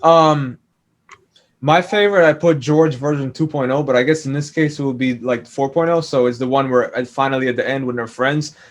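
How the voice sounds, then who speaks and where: A man's voice: medium pitch, brisk. A man as a podcast guest, chatting casually about a TV series, thoughtful, with many fillers and restarts. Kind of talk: casual TV discussion.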